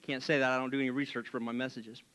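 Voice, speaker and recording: A man's voice: medium pitch, racing, smooth. A man preaching as a pastor in a church, telling a Bible story casually with jokes and acted-out voices. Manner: animated, joking, acts out voices.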